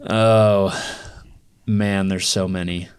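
A man's voice: low-pitched, level tone, slow pace, clear, resonant tone. A man as a podcast guest, telling a candid story in a rambling way full of fillers. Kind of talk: storytelling in a casual interview.

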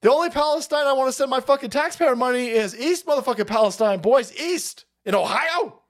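A man hosting a political livestream, ranting in a foul-mouthed, sarcastic way with shouted outbursts. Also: very high-pitched, lively intonation, a little fast. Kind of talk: profane political rant.

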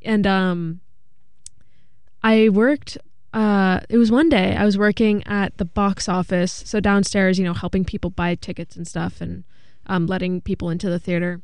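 A woman's voice: medium pitch, moderate pace, clean tone, dry recording. A young woman chats casually on a podcast. Her voice sits in a middle range and reaches a close microphone dry, with almost no room sound. She tells her story animatedly and acts out other people's lines. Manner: animated storytelling, acting out quotes. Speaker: podcast co-host. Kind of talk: casual chat.

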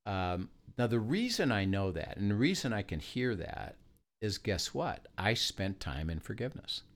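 A man's voice: fairly low pitch, big pitch swings, moderate pace. A man in casual faith talk, telling stories and acting out little dialogues. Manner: storytelling, acts out dialogue.

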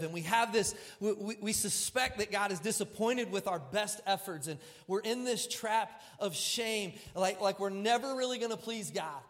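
A male pastor preaching with a personal story, animated and self-deprecating, moving between loud outbursts and hushed, serious moments. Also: sits high, moderate pace, hardly any pauses. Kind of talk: sermon storytelling.

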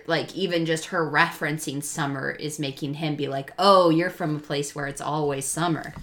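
A woman's voice: deep voice, a bit bright. A woman co-hosting a podcast, musing casually about a book and quoting characters in passing.

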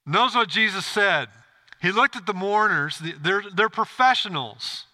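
A male pastor delivering an earnest sermon, turning to the congregation with repeated questions. His voice is very bright and ringing, sitting a little higher than most men's. He speaks from the pulpit of a church. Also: expressive, moderate pace.

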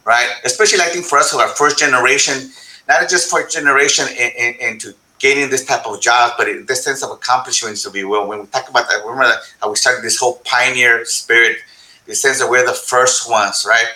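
A man on a discussion panel, talking in an animated way, switching between English and Spanish and asking "right?" again and again. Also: mid-range voice, a little fast, reverberant, rough recording. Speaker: panel guest.

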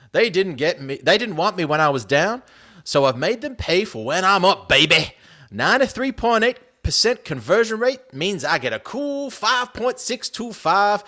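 A man's voice: sharp tone, full character voice. A man doing a cocky football kicker with a southern drawl. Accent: put-on southern drawl. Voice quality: high, drawling, boastful. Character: cocky, gloating male pro football kicker.

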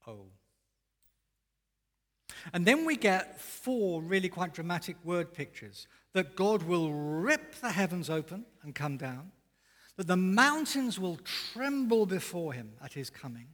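A male pastor preaching in a fairly high, lively voice that swings up and down with emphasis. His words ring out with a long echo, as in a large church hall. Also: a little slow. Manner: expressive, emphatic preaching with rising and falling intensity. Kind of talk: sermon.

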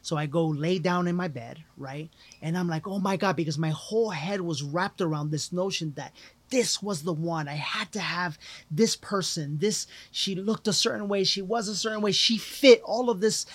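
A man's voice: sits high, normal speed, fairly bright tone, dry recording. A man guest on a podcast, telling an earnest personal story with lots of fillers and restarts. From Latino background. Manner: earnest, emphatic, with many repeated fillers. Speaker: guest, life coach.

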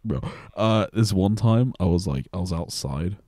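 A man's voice: sits low, expressive, normal speed, warm tone, dry recording. A young adult man in casual podcast chat, trading crude, teasing banter and telling his own story. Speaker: podcast co-host.

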